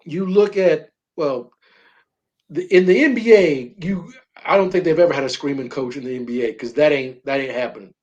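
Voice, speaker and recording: A man's voice: a little high, moderate pace, a little mellow, muffled recording. A middle-aged man co-hosting a sports talk show, talking emphatically and repeating words when he gets fired up. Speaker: sports radio co-host.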